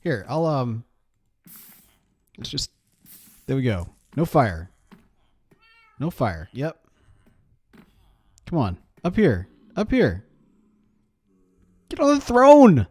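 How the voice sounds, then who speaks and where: A man's voice: medium pitch, huge pitch swings, slow, long pauses, darkish tone, breathy edge, dry recording. A man giving casual, rambling gameplay commentary in a playful, coaxing way. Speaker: game series player.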